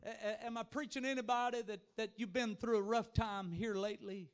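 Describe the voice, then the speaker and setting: High-voiced fervent man preaching. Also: steady tone, brisk. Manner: swings between shouted exhortation and soft low-voiced passages; fervent, repetitive calls to the congregation. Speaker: evangelist preacher. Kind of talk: revival sermon. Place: church youth rally before a congregation.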